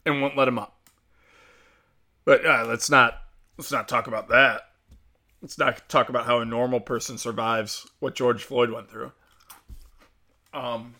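Bright-voiced ranting young man. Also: mid-range voice. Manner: heated, sarcastic, profane, full of fillers. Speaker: commentary host. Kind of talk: casual profane rant.

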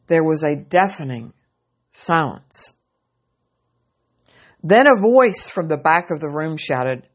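A woman narrates a story aloud with slow, measured delivery. Her voice sits fairly low and takes its time over every line. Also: lively intonation.

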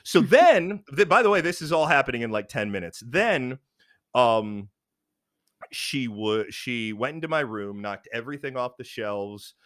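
A man's voice: mid-range voice, expressive, unhurried, a bit bright, no echo, clean studio sound. A man telling a personal story in casual chat, frank and rambling with many fillers and restarts.

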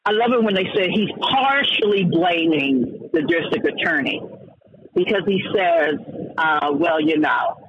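A radio talk host, a man with a high, husky voice, rants heatedly and trips over his own restarts. The broadcast sounds dull and lo-fi. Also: unhurried. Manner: heated and ranting, with many stammered restarts.

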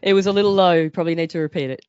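A woman joining a casual podcast movie review as a guest, chatting in a relaxed way and laughing along. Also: on the low side, rapid-fire, dry recording, lo-fi sound.

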